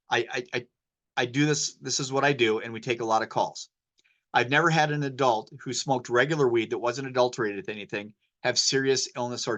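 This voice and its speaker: A man at a mid-range pitch delivering a medical talk in a loose, conversational way. He drifts into stories and slang rather than reading slides, keeping a poison-control specialist's practical tone. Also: fairly bright tone. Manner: casual, anecdotal, sprinkles in slang. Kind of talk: informal medical lecture.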